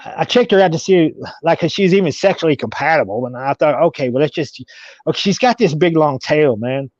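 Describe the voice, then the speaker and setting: A man telling a long story as an interview guest, halting and repeating himself as he goes. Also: on the high side, lively intonation, darkish tone, no room sound. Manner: halting, repeats words and restarts. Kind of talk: casual storytelling. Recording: dull, dry audio.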